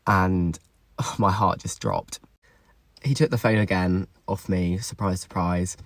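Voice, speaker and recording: A man's voice: low voice, steady tone, unhurried, no echo. A young man candidly telling a personal story to camera, emotional and confessional, swearing often. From England.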